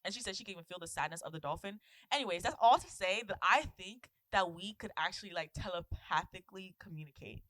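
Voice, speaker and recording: Young woman, put-on british accent, bright forward tone, dry close sound, chatty and rambling. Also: fairly low pitch, fast talker, hardly any pauses, no room sound. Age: 20s. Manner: rambling, chatty storyteller with many fillers. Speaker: podcast co-host. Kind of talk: casual chat.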